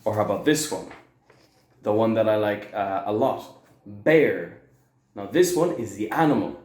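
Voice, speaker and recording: A young man giving a video English lesson, explaining slowly, stressing words and often checking with "okay?". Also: on the low side, darkish tone. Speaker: English teacher. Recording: echoey room.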